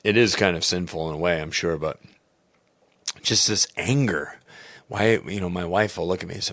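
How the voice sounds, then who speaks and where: A man, a baseball coach and podcast host, talking candidly and in a rambling, self-critical way in a loud booming voice. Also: moderate pace, no echo. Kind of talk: personal reflective podcast talk.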